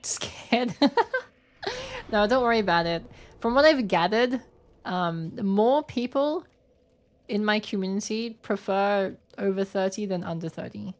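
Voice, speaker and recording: Here a woman in her twenties streams a game while reading chat, joking with her viewers in a playful, giggly manner and musing aloud. Her voice is medium in pitch and her pace is measured.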